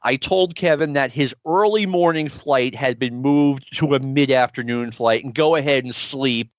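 A man's voice: mid-range voice, normal speed, no room sound. A middle-aged man hosting a podcast, telling stories in casual chat and laughing often as he talks. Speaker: podcast host. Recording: dull, dry lo-fi audio.

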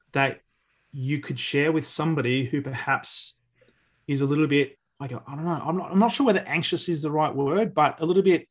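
A man hosting a podcast, asking long, rambling questions with many restarts. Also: medium pitch. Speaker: podcast host. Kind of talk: casual interview.

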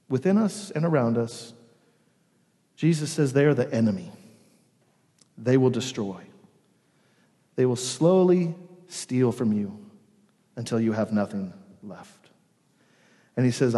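A man preaching a sermon as pastor, earnest, with dramatic pauses and emphatic swells. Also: mid-range voice, dark tone, in a large hall.

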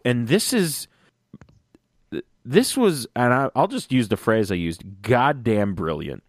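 A man in a casual fan chat, talking excitedly and rambling, often acting out lines in little voices. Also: medium pitch, slow, no echo, clean studio sound. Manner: excited, rambling, acts out quotes.

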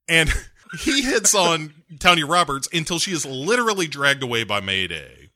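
A man's voice: fairly high pitch, big pitch swings, normal speed, sharp tone, no room sound, clean studio sound. A man co-hosting a comedic film recap, enthusiastic and laughing often. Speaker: podcast co-host.

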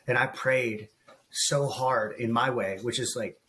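Medium-pitched and steady, a little slow and a bit bright, this voice belongs to a US guest coach around forty. In a candid podcast interview he shares a personal story with earnest emotion and keeps calling the host bro.

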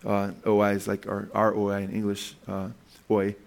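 A man preaching a sermon to his congregation, pausing to ask questions and walk them through slides word by word, with frequent "okay" and "right". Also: fairly low pitch, monotone, gravelly. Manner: emphatic, asks the congregation questions. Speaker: pastor.

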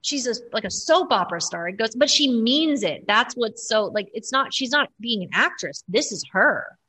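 A woman co-hosting a casual chat, animated and talking in quick bursts with many restarts. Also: fairly high pitch, slightly rough. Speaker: podcast co-host. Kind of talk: casual chat about reality TV.

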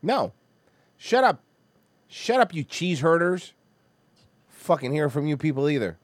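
A man from Florida hosting a podcast, ranting loudly and crudely and mocking others in exaggerated voices. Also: on the high side, very animated, measured pace, no room sound. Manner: loud, profane, mocking rant. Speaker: podcast host. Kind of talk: casual podcast rant.

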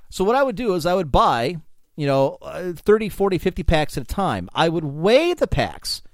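Recorded dry with studio quality, this podcast host has a fairly high-pitched voice. He spins rambling, profane stories in a casual chat.

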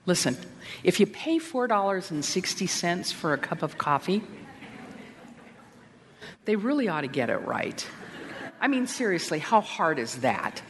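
A woman's voice: on the low side, sing-song, a little slow, long pauses, a little hiss or hum. Candid woman speaking in a hall. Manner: candid, self-deprecating with wry asides. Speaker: Christian women's speaker. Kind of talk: conference talk. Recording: long hall reverb.

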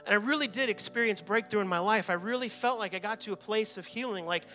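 A man's voice: sits high, fast talker. A man in his forties, a pastor, preaching a sermon in a church and telling his own story earnestly. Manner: earnest personal testimony, reenacts his own anguished shouting prayers. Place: church sanctuary.

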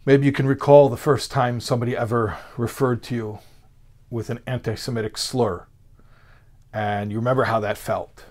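A man's voice: medium pitch, steady tone, moderate pace, a little mellow. A man teaching a Torah lesson in a conversational lecture style, with frequent fillers and restarts. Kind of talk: spoken lecture.

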